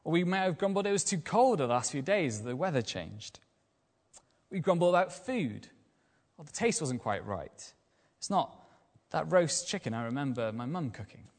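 A man giving a lively evening sermon as a lay preacher, using rhetorical questions and repetition. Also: on the high side, normal speed, in a large hall. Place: church.

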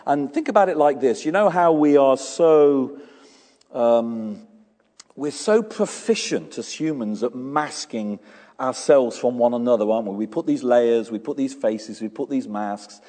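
A man preaching a sermon as pastor, animated and storytelling, acting out small dialogues with his congregation. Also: mid-range voice, measured pace, in a large hall.

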